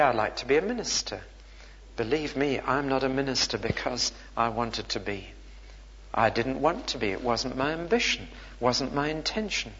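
A man's voice: mid-range voice, a bit bright. A man preaching a sermon, earnest and rhetorical, his voice rising for emphasis. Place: church. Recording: dull recording in a reverberant church.

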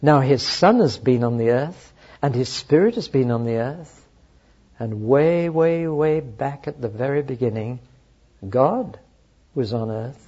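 A man preaching a Bible teaching sermon, animated, moving from quiet asides to loud exclamations. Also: mid-range voice, a little slow, husky. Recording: dull lo-fi recording.

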